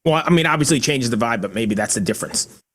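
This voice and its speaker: A man's voice: mid-range voice, expressive, fast, a bit bright. An older man with a New York accent co-hosting a music review podcast, leading the talk in an easygoing, conversational way. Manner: easygoing, conversational, leads the discussion. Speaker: podcast co-host reviewing albums. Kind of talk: casual chat.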